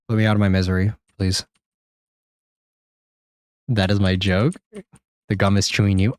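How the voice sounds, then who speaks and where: A man with a low speaking voice talks his way through a game on a live stream. He rambles, jokes with chat and swears casually, and he jumps into high-pitched exclamations when something surprises him. The sound is dry and close, with no room echo. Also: little pitch movement, moderate pace, pauses often. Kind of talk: live gameplay commentary.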